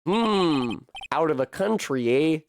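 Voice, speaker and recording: A woman's voice: low-pitched, lively intonation, takes it slowly, a little mellow, slight background noise, exaggerated voice. A woman voicing a fussy middle-aged male attorney in a put-on Midwestern American accent. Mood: smug.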